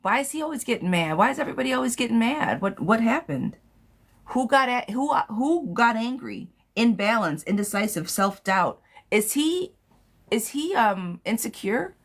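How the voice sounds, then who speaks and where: A woman doing live tarot readings, reading viewer questions aloud and answering them in a blunt, chatty way. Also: a little high. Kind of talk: casual live-stream chat.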